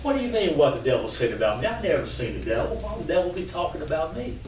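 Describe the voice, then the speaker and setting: A man's voice: a little high, big pitch swings, quick pace, a little mellow, a little hiss or hum, pitched above the performer's own voice. A man voicing a gullible male alligator in a folk tale, puzzled and indignant, heard from far off in an echoey room.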